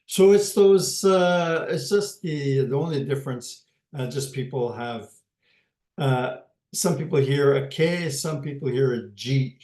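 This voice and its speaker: A man with a northern Ojibwe accent teaching a casual language class, halting often with fillers and soft chuckles. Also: medium pitch. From northern Ojibwe community in Canada. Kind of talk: informal online language class. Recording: roomy, echoey room.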